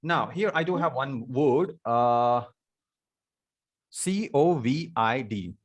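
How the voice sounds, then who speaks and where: A man with an Indian accent teaches an online spoken English class over a video call. He goes back over points again and again and keeps asking his students questions. His pitch sits in an ordinary middle range. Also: animated, slow pace, muffled recording. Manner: repetitive, stops to ask students questions.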